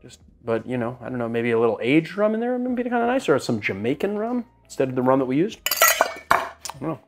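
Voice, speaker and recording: A man's voice: mid-range voice, sing-song, fast, soft background music. Chatty man hosting a cocktail demo. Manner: chatty, self-deprecating, rambling asides. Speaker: bartender host. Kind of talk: casual how-to cocktail demo. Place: home bar studio.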